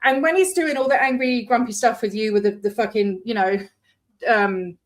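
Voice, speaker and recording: A woman hosts a casual interview, chatty and quick to joke, with casual swearing in her talk. Her voice sits a little higher than most women's. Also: steady tone. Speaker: interview host.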